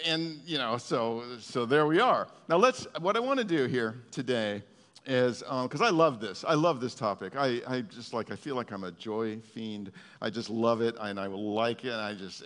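A man's voice: on the high side, fairly bright tone, big-room sound. An older man preaching an informal, playful sermon in a church, often breaking into song. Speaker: pastor. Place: church hall.

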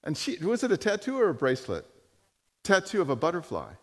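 A man preaching a sermon and telling stories, animated and full of restarts and repeated words. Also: fairly high pitch, fairly quick. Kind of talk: sermon with storytelling. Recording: long hall reverb.

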